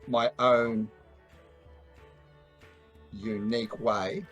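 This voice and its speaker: A man's voice: mid-range voice, little pitch movement, drawn-out words, a bit bright, dull audio, soft background music. A man playing a tabletop game, joking and playful with the game master. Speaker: player. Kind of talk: casual tabletop play.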